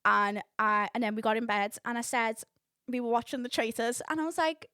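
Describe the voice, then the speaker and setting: A young woman, hosting a podcast and telling a story in casual chat, full of swearing and loud laughter. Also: on the high side, fairly quick, smooth, no echo, clean studio sound. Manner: chatty, swearing, laughs loudly at own story. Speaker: podcast host.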